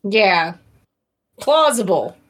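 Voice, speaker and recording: A woman co-hosting a podcast in casual comedic chat, throwing in quick playful jokes. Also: mid-range voice, big pitch swings, fairly bright tone, a little hiss or hum. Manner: quick jokey asides, playful. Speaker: podcast co-host.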